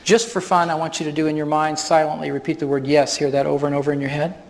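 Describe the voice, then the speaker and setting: A man's voice: on the high side, flat delivery, fast talker, creaky. Man presenting in a reverberant hall. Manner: explanatory, chuckles often. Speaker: workshop presenter. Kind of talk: live stage demonstration. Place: large hall with audience.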